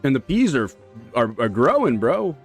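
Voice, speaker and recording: A man's voice: medium pitch, moderate pace, faint music behind. A man chatting casually on a live stream while playing, rambling and slangy. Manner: rambling, slangy, laid-back. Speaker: speedrun streamer.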